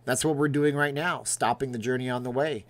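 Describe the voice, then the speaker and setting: A man's voice: medium pitch, steady tone, a little fast. Rambling middle-aged man chatting on a livestream. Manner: rambling, jokey, reacts aloud to viewer comments. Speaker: livestream host reading chat. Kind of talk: casual livestream chat.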